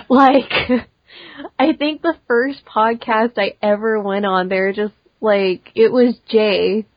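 A young woman guest, a cosplayer, talking casually in an interview, quick and chatty with many restarts. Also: medium pitch, dry recording, muffled recording.

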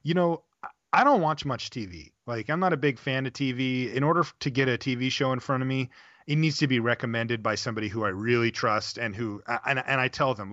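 A man's voice: mid-range voice, lively intonation, brisk, fairly bright tone, no room sound, dull audio. A man talking as a guest in a casual interview, rambling with lots of "like" and "you know". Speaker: guest, game commentator.

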